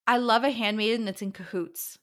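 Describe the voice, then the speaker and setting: A woman's voice: on the high side, steady tone. Chatty woman recapping a fantasy novel. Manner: chatty recap, slipping into quick voices for characters. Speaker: podcast co-host. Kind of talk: casual book chat, recapping the plot.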